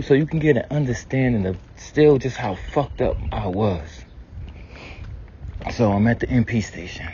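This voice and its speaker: A man addresses his ancestors in a candid spoken prayer, storytelling bluntly, cursing nonstop, and abruptly getting higher and louder. The background is noisy, and the sound is dull lo-fi with faint ambience.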